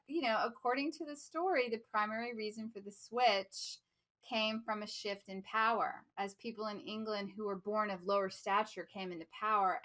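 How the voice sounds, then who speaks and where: An American woman co-hosts a podcast and tells PR stories in an animated, easy way, often laughing. Her voice has a bright, forward edge at a middle pitch. The talk is relaxed and casual. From United States. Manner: animated storyteller, laughs easily. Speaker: podcast co-host, PR professional.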